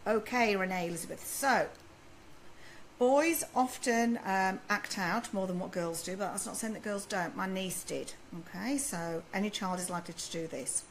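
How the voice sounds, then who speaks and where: On a live stream, a woman who consults on baby sleep reads out viewer questions and offers chatty, reassuring advice. She speaks at a moderate pace with a medium pitch, over slight background noise in a low-quality recording.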